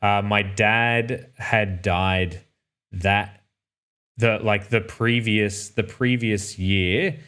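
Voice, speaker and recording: A man's voice: lowish voice, steady tone, drawn-out words, fairly bright tone, smooth. An Australian man telling a personal travel story in a casual, rambling way, often correcting himself and dropping dry asides. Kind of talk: casual anecdote.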